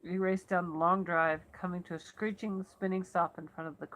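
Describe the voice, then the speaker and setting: A woman's voice: lowish voice, fairly even intonation, normal speed, a bit bright, rough recording. A woman reading a first-person novel aloud as elocution practice, with asides and self-corrections. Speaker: reader.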